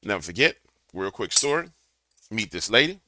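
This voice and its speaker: Dude preaching at his camera, bright punchy voice, dry sound. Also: on the low side, very animated, normal speed, no echo. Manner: fiery, preachy storytelling. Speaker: commentator. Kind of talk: preachy political video commentary. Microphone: camera mic.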